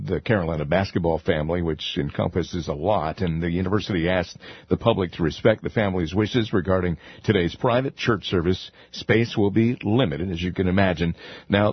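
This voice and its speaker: Radio host, man, very low husky voice, dry close sound, slightly muffled broadcast. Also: no echo. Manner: conversational, with pauses and fillers. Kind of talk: morning radio announcements.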